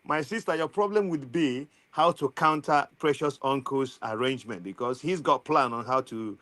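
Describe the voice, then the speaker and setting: A man's voice: medium pitch, moderate pace, a bit bright. A man speaking as a panel guest in casual political chat, friendly and teasing.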